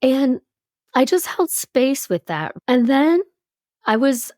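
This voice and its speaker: A woman in her fifties, a podcast guest, telling a personal story in an animated way and acting out what people said. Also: high voice, slow, dry recording, studio quality. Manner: animated storyteller who acts out quoted speech.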